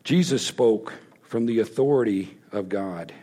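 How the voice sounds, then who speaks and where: A man preaching a sermon, telling the story emphatically and dropping to hushed lows. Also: a little slow, slightly rough.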